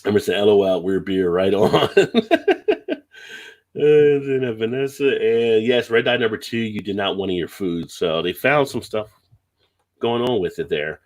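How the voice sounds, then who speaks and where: A man's voice: on the low side, normal speed. A man hosting a casual beer live stream, reading viewer comments aloud and laughing often. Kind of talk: casual chat.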